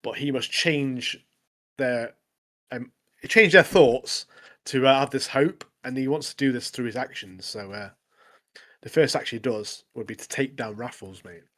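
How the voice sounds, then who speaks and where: A man co-hosting a podcast, recapping episodes in casual, animated chat. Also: mid-range voice, unhurried. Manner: animated recapping, frequent "mate". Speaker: podcast co-host.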